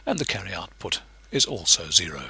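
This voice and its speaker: Male lecturer, husky bright voice, patient and explanatory, animated pitch. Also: fairly quick, no echo. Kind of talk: recorded lecture narration.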